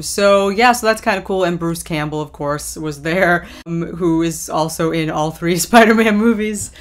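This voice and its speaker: A young woman vlogger chatting casually through a recap, rambling with lots of ums and likes and quick laughs. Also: on the low side, a bit bright.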